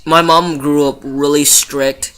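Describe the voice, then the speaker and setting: Teen guy, bright forceful voice, casual vlog, rambling, swears a lot. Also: fairly high pitch, level tone, takes it slowly, clear, resonant tone. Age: late teens. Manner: chatty, rambling, swears freely, lots of fillers. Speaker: vlogger.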